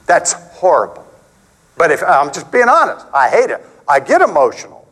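Casting: middle-aged male preacher, higher voice, very lively delivery, chatty sermon style. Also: normal speed, poor audio. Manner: animated, conversational, acts out quotes with big pitch swings.

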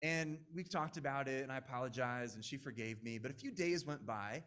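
A man's voice: mid-range voice, brisk, a bit bright. A man in his late twenties preaching a sermon in a conversational, earnest way, with frequent asides to the audience. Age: 20s.

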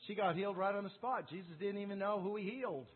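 A man's voice: high voice, fast, slightly rough. A man preaching a sermon, firing off rhetorical questions and acting out the quotes himself. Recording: phone-like sound with long reverb.

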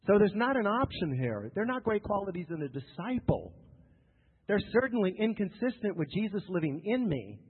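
Here the same preacher's voice comes across as high, husky and very animated, at normal speed, as he repeats and stresses his points and jokes with the congregation. Long reverb from the church hall fills a tinny, lo-fi recording.

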